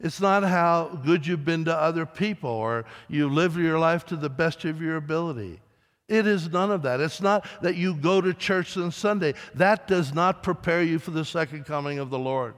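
A man preaching a sermon as pastor, emphatic, with dramatic rises and soft drops. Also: on the high side, normal speed. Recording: long reverb of a large hall.

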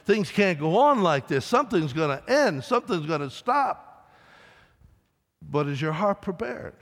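A man preaching a sermon as pastor, emphatic, with dramatic rises and soft drops. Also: on the high side, big pitch swings, a little slow. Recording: long reverb of a large hall.

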